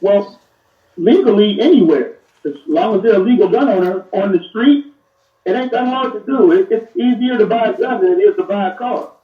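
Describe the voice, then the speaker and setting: A man's voice: sits high, normal speed. A man speaking as a police officer guest in a casual, plain-spoken interview over a remote connection. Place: remote call from elsewhere. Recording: roomy, distant, dull remote audio.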